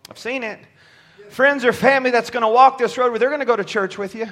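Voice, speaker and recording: A man preaching a sermon from a church pulpit, shouting at times and dropping low at others, often stumbling over his words. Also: fast talker. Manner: impassioned, swings from shouting to near-quiet.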